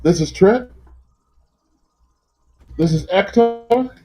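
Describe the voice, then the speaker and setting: Higher-voiced man player, joking. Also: expressive, very slow, mellow, faint music behind, poor audio. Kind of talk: casual in-character tabletop play.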